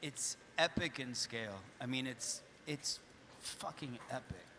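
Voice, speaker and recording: A man's voice: medium pitch, lively intonation, unhurried, background noise. A man talking casually on a convention panel, stumbling through restarts and sometimes swearing. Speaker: show creator on a panel. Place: convention hall stage. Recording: panel audio with crowd behind.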